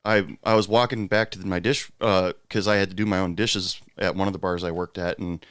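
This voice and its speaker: A man's voice: sits low, steady tone, a little fast, fairly bright tone, clean tone, dry recording, studio quality. A man hosting a podcast, chatting casually and swapping bar stories in a laid-back way. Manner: laid-back, lots of fillers, laughs along. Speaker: podcast host, former bartender.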